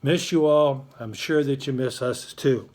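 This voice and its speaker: A man's voice: mid-range voice, measured pace, a little mellow. A man hosting his school's morning announcements, chatty and encouraging toward students and parents. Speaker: school morning show host.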